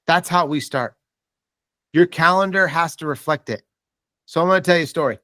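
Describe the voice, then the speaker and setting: A man's voice: on the high side, moderate pace, no echo, clean studio sound. A man giving a motivational seminar talk as a mortgage sales trainer, telling stories and acting out quoted dialogue. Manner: animated storytelling with quoted dialogue.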